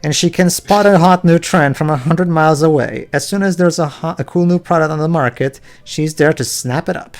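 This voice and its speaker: A relaxed male hippie townsman who keeps calling people "man", as a man puts him on. The voice sits a little high. It is game dialogue read aloud. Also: a little fast, hardly any pauses, lightly acted. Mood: laid-back. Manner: drawls "man" at the end of lines.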